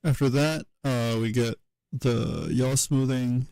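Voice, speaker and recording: A man giving a casual livestream tutorial, thinking aloud at his computer in a halting way, with many fillers and self-corrections. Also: medium pitch, creaky, mellow, no room sound, rough recording. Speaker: streamer teaching historical linguistics.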